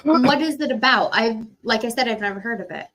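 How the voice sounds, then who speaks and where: A woman's voice: fairly high pitch, fairly quick, a bit bright, poor audio. A woman hosting a casual live chat stream, asking friendly, curious questions.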